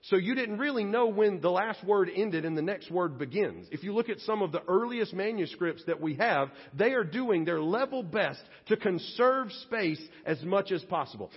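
A man's voice: a little high, breathy edge. A man preaching a sermon as pastor, folksy and conversational, acting out little everyday scenes. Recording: dull lo-fi audio with long church reverb.

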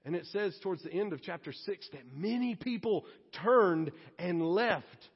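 A man's voice: high voice, a little slow, breathy edge. A man, preaching a sermon to his congregation in a church in a conversational, joking way. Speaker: pastor. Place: church sanctuary. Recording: reverberant hall, slightly muffled.

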